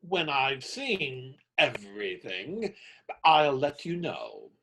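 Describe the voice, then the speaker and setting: An actor playing a wry friar who quotes scripture in an audio drama. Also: male voice, mid-range voice, wildly swooping pitch, slow, vocal fry, sharp tone, husky, heavily acted, poor audio.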